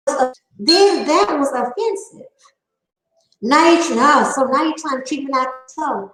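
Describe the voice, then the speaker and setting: High-pitched Southern woman ranting defiantly. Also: animated, fairly bright tone, reverberant, rough recording. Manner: fast, high-pitched twangy talk, defiant and emphatic. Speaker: channel host. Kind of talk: casual vlog rant.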